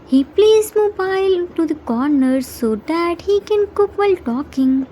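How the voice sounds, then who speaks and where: Very high-voiced woman reading fan fiction. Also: lively intonation, measured pace, hardly any pauses, warm tone, slight background noise. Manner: reads cues and actions aloud between lines. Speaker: narrator.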